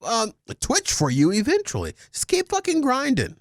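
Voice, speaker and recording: A man's voice: very high voice, wildly swooping pitch, normal speed, no echo, studio quality. A man co-hosting a casual podcast, ranting emphatically and swearing often. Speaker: podcast co-host.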